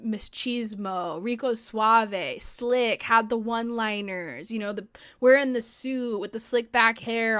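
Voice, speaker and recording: Speaking into a podcast microphone, a young woman hosts a casual chat show, cursing freely and leaning hard on "like." Her pitch sits fairly high with a slightly bright, clean tone. The audio is studio quality with no echo.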